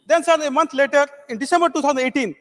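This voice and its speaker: A man's voice: very high voice, rapid-fire, a bit bright. A man from Odisha giving a formal speech as a member of parliament, earnestly addressing the chair as sir. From Odisha, India. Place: large parliament chamber. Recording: long echoey chamber reverb.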